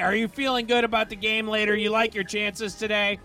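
Upbeat bright-voiced radio DJ man. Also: high voice, steady tone, normal speed, soft background music. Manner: upbeat, repeats catchphrases, laughs along. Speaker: radio DJ host. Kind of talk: morning radio call-in show. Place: radio studio.

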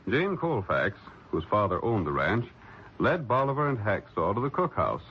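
A man narrating a 1940s radio drama in an expressive storytelling manner. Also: lowish voice, moderate pace, a little hiss or hum. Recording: lo-fi old radio recording with music.

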